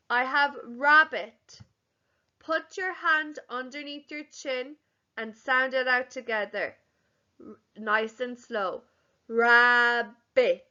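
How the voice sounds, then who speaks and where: Bright slow-spoken woman teacher. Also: high-pitched. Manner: slow, clear, sounding out words for young children. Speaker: primary school teacher. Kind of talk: recorded home-learning lesson. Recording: slightly dull, lo-fi audio.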